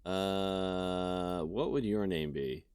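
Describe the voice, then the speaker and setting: Low-voiced man playing a game aloud. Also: drawn-out words, a little mellow, clear, resonant tone, no echo, clean studio sound. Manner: reads narration, then breaks off to laugh and joke. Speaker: game streamer. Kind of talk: let's play, reading a visual novel aloud.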